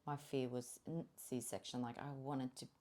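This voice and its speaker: A young woman telling her birth story as a podcast guest, candid and animated, swearing freely and often laughing. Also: very deep voice, a little slow. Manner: animated, swears freely, laughs often, drops to a whisper when quoting herself.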